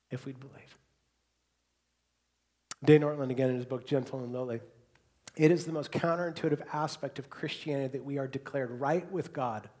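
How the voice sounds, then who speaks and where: Speaking to a congregation gathered in a church hall, a man gives a sermon in a fairly high voice. Quiet, hushed repetitions give way to loud, emphatic bursts as the pastor preaches.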